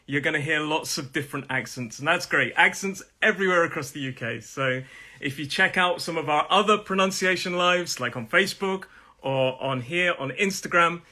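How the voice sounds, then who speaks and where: A man in his thirties with a Nottingham accent teaches a live English pronunciation lesson. His voice is sharp and very bright, pitched a little high, and he says each word slowly several times so learners can repeat it. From Nottingham, England.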